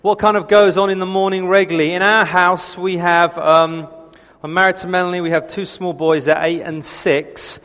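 A man's voice: sits high, flat delivery, moderate pace, fairly bright tone. A man in his thirties preaching a sermon, telling family stories in a chatty, self-deprecating way. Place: church hall. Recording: reverberant hall.

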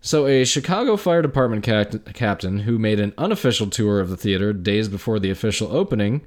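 A man's voice: on the low side, expressive, a little fast. A man co-hosting a casual podcast, reading history notes aloud with dry sarcastic asides. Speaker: podcast co-host. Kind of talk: casual conversational storytelling.

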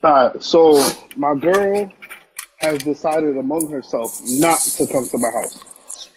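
Slow and on the high side, with a darkish tone, this young man's voice comes through a rough recording with a bit of hiss or hum. He's a podcast co-host in casual chat on a phone Instagram live stream, loud-mouthed, profane and emphatic.

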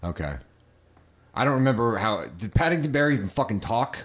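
A man's voice: mid-range voice, animated, a little fast. A man co-hosting a comedy podcast, crude and rambling, with lots of hesitant restarts. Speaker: podcast co-host. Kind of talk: casual comedy chat.

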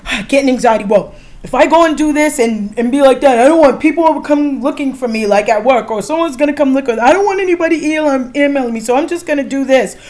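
A woman's voice: sits high, fast talker, a little mellow. A woman in her thirties hosting a casual chat, candid and swearing freely, with lots of fillers. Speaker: podcast host.

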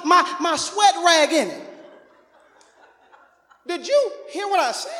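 A man preaches from the pulpit, his voice pitched very high and ringing through a roomy, echoing church. He shouts out to the congregation, laughs, and tells his story with lively preaching energy. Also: slight background noise. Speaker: pastor. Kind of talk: sermon. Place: church sanctuary. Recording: echoey hall.

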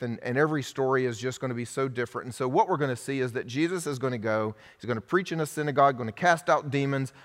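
A man preaching a sermon as a pastor, speaking conversationally with frequent restarts. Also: mid-range voice. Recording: long hall reverb.

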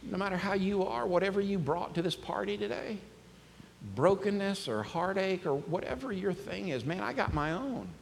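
A man preaching a sermon in a conversational, animated way, reading scripture aloud and talking to his congregation. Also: sits high, moderate pace, gravelly, a little hiss or hum. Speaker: pastor. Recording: long reverb, faint ambience.

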